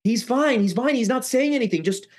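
A man putting on a shrill, pleading woman. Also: lively intonation, fairly quick. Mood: wheedling. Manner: high shrill pleading, repeating herself. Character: frantic pleading woman, fake crying, manipulative.

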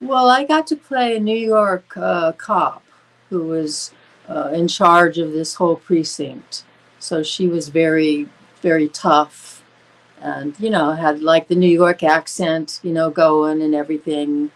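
A woman's voice: sits low, steady tone, a little slow, rough recording. An older woman, an actress, chatting as a guest in a casual interview, friendly and agreeable. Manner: friendly, agreeable, many backchannels.

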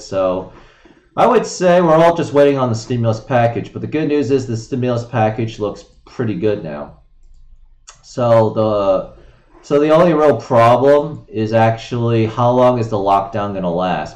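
A man's voice: on the low side, a little mellow. A man ranting and rambling in profane casual commentary, reading off headlines on his own show. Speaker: solo streamer. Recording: roomy, dull lo-fi sound.

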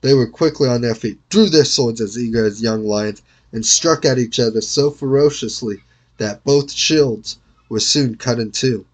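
An older man reading a storybook aloud in a measured, careful way. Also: medium pitch. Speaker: reader.

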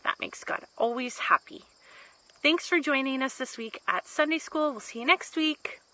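A woman teaching a children's Bible lesson, explaining in simple, gentle words. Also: high voice, animated, normal speed, low-quality recording. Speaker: Sunday school teacher. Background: music.

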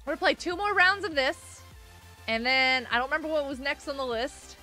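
A woman's voice: sits high, expressive, fairly quick, bright, forceful tone, soft background music. A woman streaming a game, chatting and rambling casually into her microphone, laughing often and breaking into sudden squeals. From United States. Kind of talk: casual live-stream chat while gaming.

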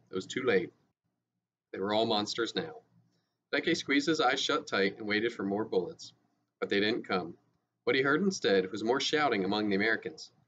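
Low-voiced teacher reading a novel aloud. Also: male voice. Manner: steady, even reading with small restarts. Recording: dull lo-fi with faint hiss.

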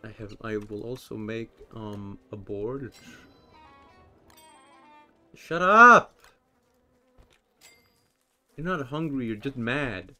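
A young man commenting on a survival game as he plays, rambling and joking with sudden yelled outbursts. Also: fairly low pitch, steady tone, unhurried, hardly any pauses, faint music behind. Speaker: gameplay commentator. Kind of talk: let's play commentary.

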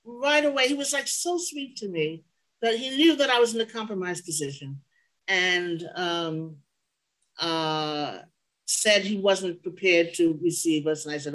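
A woman's voice: fairly low pitch, a little slow, fairly bright tone, rough recording. An older woman sharing memories as an interview guest, rambling and digressing, often stopping to correct herself. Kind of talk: oral history storytelling.

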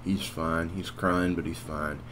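A man's voice: low voice, fairly even intonation, a little slow, a bit bright, slight background noise. A man voicing a scruffy, beer-bellied, self-important guy who narrates in a rambling, meandering way full of false starts. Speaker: cartoon lead and narrator. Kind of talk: rambling storytelling.

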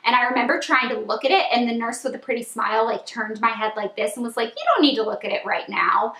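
Chatty twenty-something girl doing a storytime vlog, bright highish voice, bit of room echo. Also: quick pace. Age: 20s. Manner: chatty, animated retelling with lots of "like" and squealed quoted lines. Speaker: vlogger.

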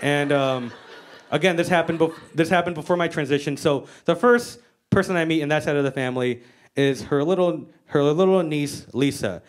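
A woman's voice: low voice, moderate pace. A woman performing stand-up comedy in a brash, profane storytelling style with acted-out quotes, speaking into a handheld mic on stage. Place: stage before a live audience.

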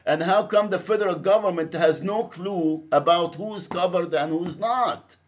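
Egyptian-accented male caller, loud and insistent, slightly high pitch, lo-fi phone sound. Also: moderate pace. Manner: loud, insistent, repeats himself. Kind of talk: phone call complaint. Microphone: computer speakerphone via internet calling. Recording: lo-fi phone call recording.

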